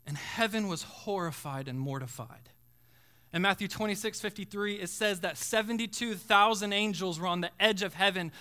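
Male pastor, fervent sermon delivery, high and bright. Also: moderate pace, smooth. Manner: preaching with dramatic swells from hushed to shouting.

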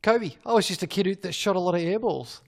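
A man co-hosting a casual chat, making wry jokes and giving quick short agreements. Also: high voice, vocal fry. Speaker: podcast co-host.

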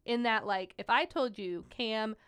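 A young woman working as a pediatric nurse, telling stories in an animated interview with many "like" fillers. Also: medium pitch, moderate pace, smooth. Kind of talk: conversational interview storytelling.

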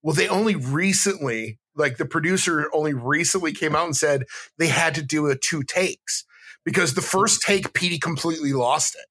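A man co-hosting a casual podcast with a husky, bright voice. He talks emphatically and drops swear words to punch his points. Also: a little high, moderate pace. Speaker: podcast co-host. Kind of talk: casual chat.

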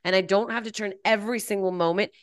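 A woman co-hosting a podcast, chatting casually with animated asides and frequent laughter. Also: medium pitch, quick pace, no echo, clean studio sound. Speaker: podcast co-host. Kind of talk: casual chat.

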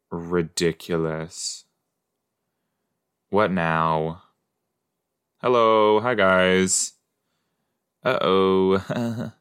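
A man's voice: sits low, fairly bright tone, clean tone. A man hosting a casual watch-along podcast, talking back to the characters on screen and musing with playful asides. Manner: chatty, exclaims at the screen, talks back to characters. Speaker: podcast host reacting to a TV episode.

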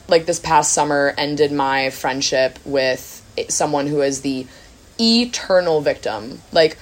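A young woman hosting a podcast, chatting casually and filling her talk with "like". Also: sits low. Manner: casual, lots of filler "like". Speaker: podcast host. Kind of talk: casual chat.

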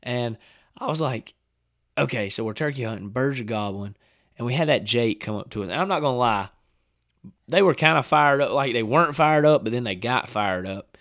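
A man's voice: medium pitch, moderate pace, dry recording, studio quality. A man, telling hunting stories in a casual chat and acting out what people said. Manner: animated storyteller, acts out quotes, laughs often. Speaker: hunting storyteller guest.

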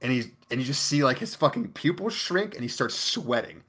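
Man, mid pitch, podcast co-host, swears a lot, emphatic casual storytelling. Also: animated, brisk, fairly bright tone. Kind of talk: casual chat recapping an anime.

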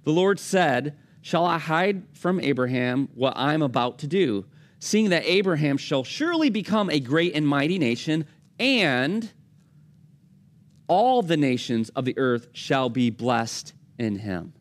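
A man's voice: a little high, lively intonation, unhurried. A man preaching a conversational sermon, acting out the lines of the people in his stories. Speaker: pastor.

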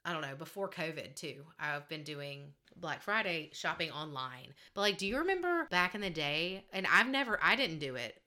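A young woman trading stories on a casual podcast. Her voice sits a little low but has a bright, forward edge. She talks animatedly, laughs often and acts out what people said. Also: big pitch swings, moderate pace, few pauses. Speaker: podcast co-host. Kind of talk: casual storytelling chat.

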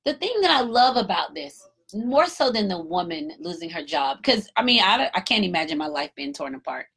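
A woman giving an emphatic, animated casual commentary, a parent talking in her own voice. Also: mid-range voice, moderate pace, gravelly, husky. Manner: emphatic, animated storytelling with acted-out quotes.

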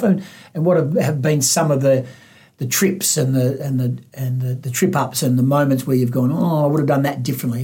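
A man's voice: on the high side, dark tone, slightly rough. A man with an Australian accent hosting a podcast interview, asking long, rambling questions with many restarts. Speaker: podcast host.

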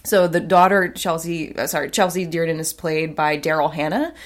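A woman's voice: low-pitched, steady tone, normal speed. A woman co-hosting a podcast, casually recapping a film in a rambling way with many fillers and restarts. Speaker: podcast co-host.

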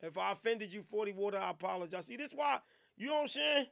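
A man hosting a radio podcast, riffing in casual, profane, animated banter. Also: sits high, quick pace, vocal fry. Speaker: radio show host. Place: radio studio.

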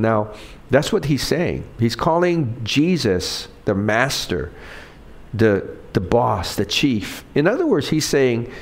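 Lively-voiced male pastor preaching. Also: mid-range voice. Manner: conversational, asks the congregation questions; acts out quoted lines in different voices. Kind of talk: sermon.

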